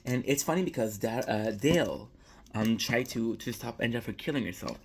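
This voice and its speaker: A man's voice: mid-range voice, expressive, normal speed, slight background noise. A young man giving a casual, rambling recap of a TV episode, swearing freely and often restarting his sentences. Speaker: show reviewer.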